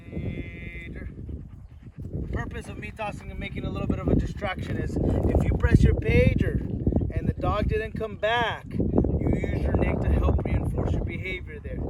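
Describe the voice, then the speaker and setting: High-voiced man trainer, far and noisy. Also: huge pitch swings, moderate pace, muffled recording. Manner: instructive, calls commands and praise to a dog. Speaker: dog trainer. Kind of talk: outdoor training demonstration. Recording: distant, noisy outdoor camera audio.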